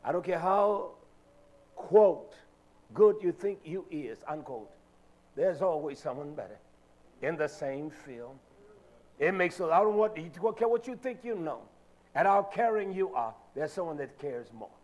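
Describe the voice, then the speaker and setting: A man preaching a Sabbath sermon in a notably high voice. He speaks with fervent emphasis, and hesitant filler sounds break up his lines as he presses each point on the congregation. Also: lively intonation, a little slow, a little mellow.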